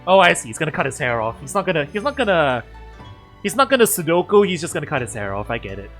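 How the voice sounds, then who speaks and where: A streamer giving giggly, animated commentary on a game and reading its lines aloud. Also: medium pitch, fast talker, faint music behind.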